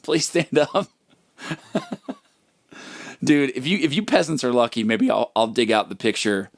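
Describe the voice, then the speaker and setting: A man's voice: mid-range voice, very animated, measured pace, no echo, clean studio sound. A man hosting a livestream, telling a rambling, profane, self-mocking story in a casual comic way. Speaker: livestream host and musician.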